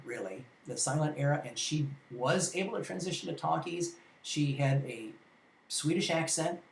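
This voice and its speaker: A man's voice: medium pitch, a little mellow. A man teaching film history in an informal classroom lecture, rambling and conversational, with many ums and restarts. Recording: echoey room.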